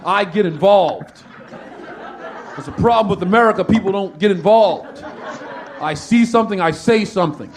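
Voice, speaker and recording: A man's voice: high voice, moderate pace, pauses often. A man on stage voicing a fussy, self-important male traveler who makes a citizen's arrest. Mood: officious. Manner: indignant, officious, self-congratulating.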